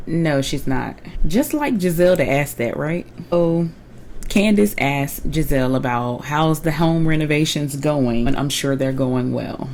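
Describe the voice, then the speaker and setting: Low-voiced, chatty woman recapping TV. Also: animated, measured pace, darkish tone, slight background noise, low-quality recording. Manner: chatty and opinionated, with colloquial slang. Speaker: reality TV recap vlogger. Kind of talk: casual episode recap.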